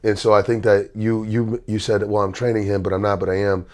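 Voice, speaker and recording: A middle-aged man hosting a casual interview, speaking in a calm, measured way. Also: fairly low pitch. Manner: calm, measured, even-tempered. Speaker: host and basketball trainer.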